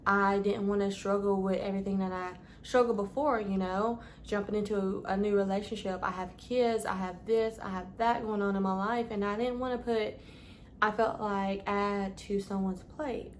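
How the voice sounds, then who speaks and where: A woman's voice: medium pitch, fairly even intonation, normal speed, slight background noise. A woman vlogger giving casual advice, chatty, calling her listeners "babes" and stumbling over long words. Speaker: lifestyle vlogger.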